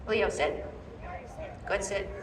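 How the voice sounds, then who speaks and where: A woman's voice: medium pitch, slow, noisy background. A woman dog trainer giving a live demonstration, coaching handlers step by step and checking in with a repeated "okay?". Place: large indoor expo hall. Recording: echoey hall from far off.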